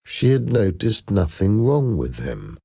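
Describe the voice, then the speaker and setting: A man narrating a story in a slow, dramatic way. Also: on the low side, big pitch swings, gravelly, mellow, no room sound.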